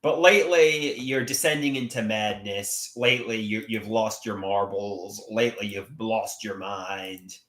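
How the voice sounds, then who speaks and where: A man chatting casually on a livestream, reading out viewer comments and rambling with theatrical swings in pitch and volume. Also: a little slow, hardly any pauses, fairly bright tone, reverberant.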